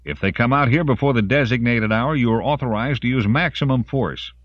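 A curt army sergeant barking orders in a clipped, authoritative manner, voiced by a male narrator. The voice is deep, and the recording is dry and slightly dull. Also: expressive, brisk, no room sound. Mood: commanding.

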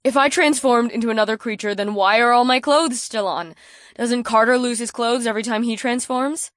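A woman's voice: fairly high pitch, normal speed, no room sound, studio quality, lightly acted. A woman voicing a blunt, outspoken young student who sounds shaken. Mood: rattled.

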